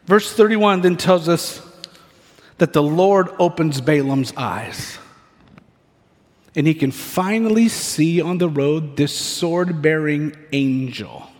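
A man preaching a sermon, retelling a scripture story with animated, playful asides. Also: a little high, takes it slowly. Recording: echoey hall reverb.

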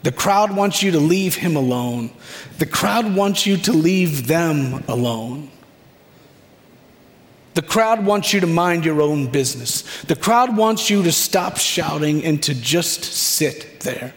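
Slow, reflective preacher man in a hall. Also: a little high, lively intonation. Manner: slow, reflective second-person storytelling with dramatic pauses. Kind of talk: guided scripture meditation. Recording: long hall reverb.

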